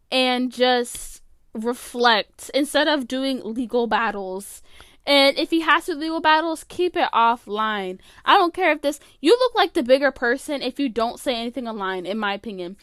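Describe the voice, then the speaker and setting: A woman's voice: sits high, lively intonation, unhurried, a bit bright, no room sound, clean studio sound. A woman hosting a podcast alone, giving casual opinionated commentary full of "like" fillers. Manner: chatty, opinionated, many "like" fillers. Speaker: podcast host.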